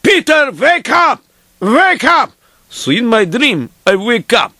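A weary, good-hearted peasant horseman spins his tale in broken English, as a man acts him out. The voice sits high and swings widely, full of drama. It sounds close and dry. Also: sing-song, takes it slowly, sharp tone, no room sound, full character voice. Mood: lively. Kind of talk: theatrical storytelling.

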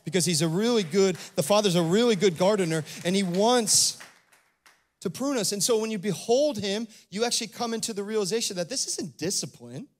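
A man, the pastor, giving a sermon to his congregation in a casual, animated way, often breaking off with "like" asides. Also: high voice. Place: church service before a congregation.

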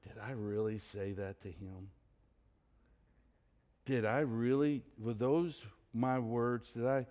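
A man's voice: medium pitch, steady tone, slow, pauses often, dark tone, voice pushed down, natural voice. A man voicing a sarcastic woman at a well, firing off incredulous questions. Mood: regretful.

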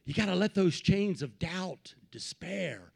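A man preaching a Pentecostal sermon, swinging from low asides to shouted peaks and repeating phrases in a rhythmic build. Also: lively intonation, measured pace, vocal fry, slightly rough. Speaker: pastor.

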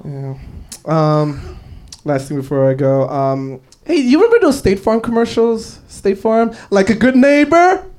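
High-voiced young man doing stand-up. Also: expressive, a little slow, warm tone. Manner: storytelling, with frequent fillers and laughs. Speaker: stand-up comedian. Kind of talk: stand-up set. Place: comedy club stage.

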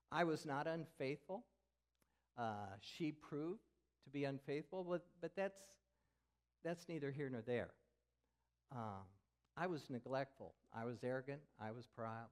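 Older male pastor, mid-pitched, sermon delivery, candid confessional storytelling. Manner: candid storytelling, drops to a whisper for effect.

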